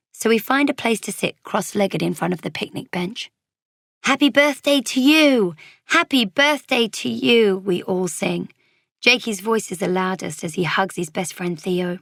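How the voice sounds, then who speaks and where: A woman reading a children's storybook aloud, gently and expressively in a child's voice of narration. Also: on the low side, dry recording, studio quality.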